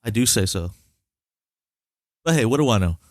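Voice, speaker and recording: A man's voice: lowish voice, lively intonation, normal speed, no echo, studio quality. Blunt, profane young man hosting a podcast. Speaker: podcast host. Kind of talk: casual chat.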